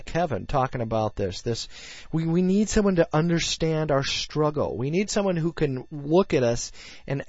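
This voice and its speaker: A man's voice: mid-range voice, a little mellow, no room sound. A man hosting a casual faith podcast, talking earnestly and rambling with many fillers, recorded in a dull, lo-fi way. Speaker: podcast host. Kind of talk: casual faith talk show.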